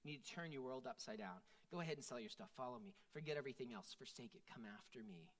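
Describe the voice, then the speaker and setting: Brief: woman preacher, chatty and animated, lively rising and falling pitch. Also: fast talker. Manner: conversational, animated, frequent "right?" and "like". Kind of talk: sermon.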